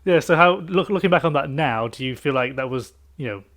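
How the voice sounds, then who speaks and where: A man's voice: fairly high pitch, expressive, a little fast, a bit bright. A man hosting a podcast, asking friendly questions and summing up what his guest says. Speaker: podcast host. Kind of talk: casual podcast interview.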